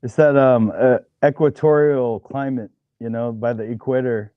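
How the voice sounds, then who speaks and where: A man's voice: medium pitch, fairly even intonation, normal speed, no room sound. West coast american guy rambling in a casual chat, dry dull mic. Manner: easygoing, rambling, hedges with "you know". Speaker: livestream guest.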